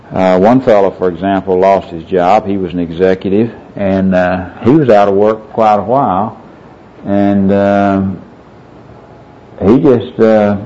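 Low, mellow-voiced man teaching the Bible. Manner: earnest, quotes scripture with verse numbers. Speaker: Bible teacher leading a discussion. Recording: muffled lo-fi recording.

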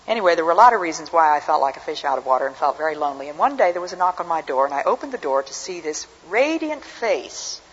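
A woman's voice: low-pitched, expressive, fast talker, hardly any pauses, breathy edge. An older woman giving an earnest, reflective personal testimony as a speaker. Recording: dull recording with long hall reverb.

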